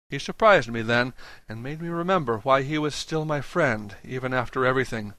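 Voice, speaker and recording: Bright-voiced male audiobook narrator. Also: mid-range voice, fairly quick, no room sound. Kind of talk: first-person audiobook narration.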